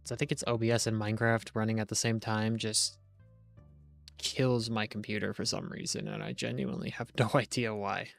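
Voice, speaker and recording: A young man talks through a live game stream in a loose, chatty, self-joking way. His mid-pitched voice has a lot of vocal fry in it. Faint game music sits quietly behind his desk-mic sound. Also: level tone, a little fast. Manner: rambling, chatty, jokey, talks to chat. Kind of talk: casual gameplay commentary on a live stream.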